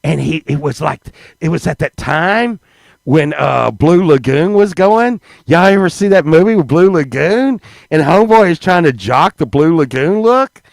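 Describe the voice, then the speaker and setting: A man's voice: on the high side, animated, moderate pace, vocal fry, no room sound. A man, telling stories in a rambling, casual way to a live chat, restarting words and swearing freely.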